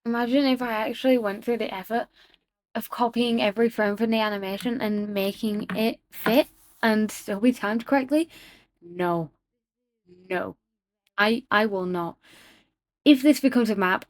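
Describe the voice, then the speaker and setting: A woman chatting excitedly in a casual voiceover about her own animation, self-deprecating and talking straight to her viewers. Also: medium pitch, unhurried, dry recording. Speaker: animator narrating her work. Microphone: home voiceover mic.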